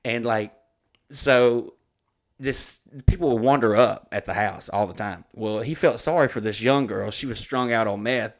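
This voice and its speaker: A man's voice: mid-range voice, moderate pace. A man, telling stories in a rambling, profane, laid-back way as co-host of a casual chat. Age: 30s. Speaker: podcast co-host.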